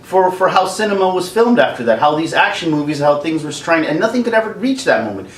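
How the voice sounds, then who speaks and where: A man in his forties ranting casually as a vlogger, animated, laughing often and acting out quotes. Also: fairly high pitch, quick pace. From Canada. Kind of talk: casual rant. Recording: roomy, distant mic.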